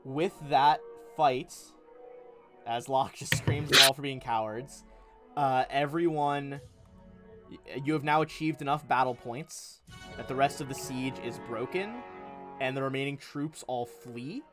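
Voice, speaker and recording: A man's voice: mid-range voice, measured pace, music in the background. A man narrating a tabletop game on a live stream as game master, in a casual, rambling way with many fillers.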